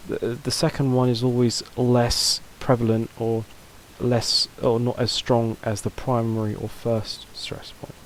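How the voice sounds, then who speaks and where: A man's voice: medium pitch, level tone, measured pace, few pauses, slight background noise, low-quality recording. A man teaching a casual video lesson, talking loosely with fillers and restarts. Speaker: language teacher.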